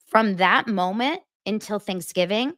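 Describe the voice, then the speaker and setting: A woman's voice: medium pitch, unhurried, fairly bright tone, no room sound, clean studio sound. A woman hosting a casual gossip show, chatting and reading out text messages, often stopping to correct herself. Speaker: podcast host.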